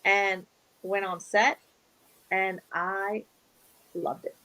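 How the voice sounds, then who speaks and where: This young actress, a guest in a casual interview, speaks very slowly in a medium-pitched voice. She tells her stories animatedly, acts out the dialogue she quotes and laughs often, though the recording is rough.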